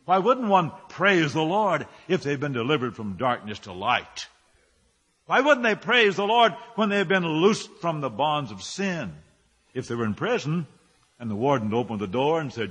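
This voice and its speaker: Bright, husky-voiced preacher man in a hall. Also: a little high, big pitch swings, normal speed. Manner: preaching with rhetorical questions and emphatic rising phrases. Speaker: pastor. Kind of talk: sermon.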